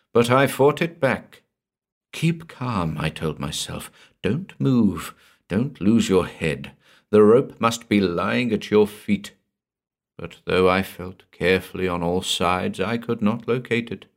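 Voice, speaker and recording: Slow, deep-voiced male horror narrator. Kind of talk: dramatic audiobook narration.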